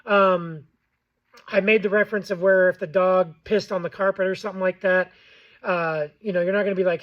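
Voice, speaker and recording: A man's voice: sits high, normal speed, highs cut off. A man giving a casual how-to tutorial on goose calling, plainspoken and loose, repeating himself with fillers. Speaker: goose call instructor.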